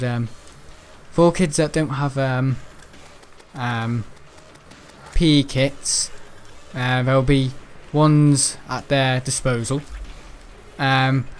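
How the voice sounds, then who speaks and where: His voice is mid-range, clear and resonant: a teenage boy from the Wirral in England, speaking with a Merseyside accent. Streaming, he chats in a rambling, casual way, hesitating with frequent ums and restarts.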